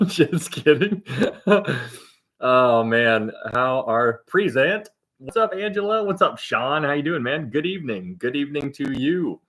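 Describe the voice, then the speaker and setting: A man's voice: mid-range voice, lively intonation, slow, fairly bright tone. A man hosting a live Bible-teaching stream, chatting casually as he greets viewers and reads out their comments. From Ohio, United States. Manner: upbeat and chatty, reads out comments and thanks viewers, laughs often. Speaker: livestream host of a Bible teaching.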